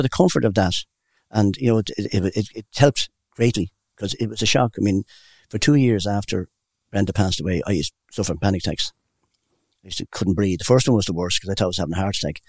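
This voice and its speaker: Brief: older male interviewee, fast and gravelly, dry close sound, anecdotal rambler. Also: low voice, no room sound. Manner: rambling, warm anecdotal storyteller. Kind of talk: casual storytelling.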